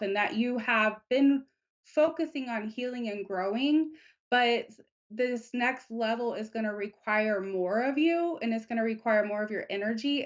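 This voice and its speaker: A woman giving a live psychic reading, speaking in a gentle, unhurried, reassuring way. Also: a little high, highs cut off. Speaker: psychic reader.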